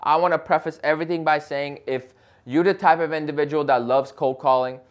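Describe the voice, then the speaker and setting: A man's voice: on the high side, steady tone, brisk. A young man talking straight to camera in an advice vlog, passionate and emphatic, often checking in with "right?". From Chicago area. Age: young adult. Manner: passionate, emphatic, talks loudly with frequent "right?". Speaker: real estate agent and vlogger.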